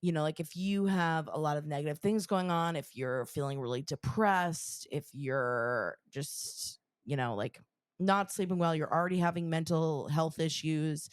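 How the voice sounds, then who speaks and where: A woman hosting a podcast, relaying a listener's story in relaxed chat with frequent fillers. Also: low voice, moderate pace, no echo. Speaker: podcast host.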